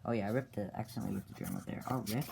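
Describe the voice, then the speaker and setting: A man casually retelling the plot of his own comic, halting, with many fillers and self-corrections. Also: fairly low pitch, vocal fry, noisy background.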